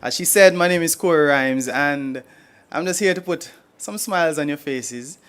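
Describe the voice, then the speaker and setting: A man's voice: fairly high pitch, normal speed, a bit bright, clean tone. Jamaican man performing spoken word. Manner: playful, rhythmic recitation with laughs. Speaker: poet performer.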